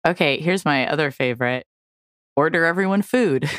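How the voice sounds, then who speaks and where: A woman's voice: low voice, moderate pace, fairly bright tone, dry recording. A woman co-hosting a podcast, reading a list of dares aloud with dry jokes in casual chat. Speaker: podcast co-host.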